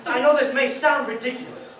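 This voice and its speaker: A woman's voice: high-pitched, fairly even intonation, fairly quick, fairly bright tone, a little hiss or hum. A young woman on a school stage playing an earnest, pleading young groom. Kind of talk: high school musical theatre. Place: school stage in a large hall. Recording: echoey auditorium taped from far off.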